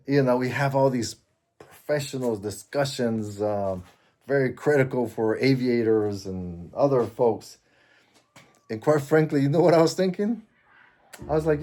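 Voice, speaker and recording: A man's voice: mid-range voice, measured pace, long pauses, a little mellow. A man in his fifties from Mexico, chatting casually in a personal vlog, rambling and chuckling at himself. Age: 50s. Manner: rambling, chuckling, self-deprecating. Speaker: vlogger.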